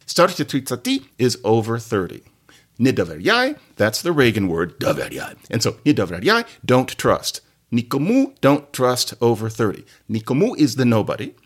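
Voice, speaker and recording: Animated man lecturing playfully. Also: normal speed, husky. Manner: playful, digressive lecturing with sudden pitch jumps. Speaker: podcast host. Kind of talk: explanatory podcast monologue.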